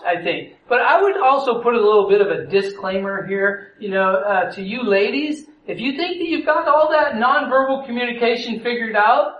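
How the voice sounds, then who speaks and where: A man's voice: very high-pitched, fairly bright tone, lo-fi sound. A man giving a conversational sermon on marriage, asking his listeners questions and acting out the voices in the stories he tells. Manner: conversational, asks the audience questions; acts out story voices. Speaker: preacher. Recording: echoey room.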